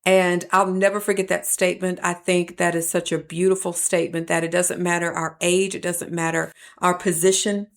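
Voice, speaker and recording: A woman with a lowish voice speaks in a reflective podcast monologue. She tells personal stories and shifts into animated voices when she quotes people. She sounds like a professor sharing lessons with listeners. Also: normal speed, creaky, few pauses.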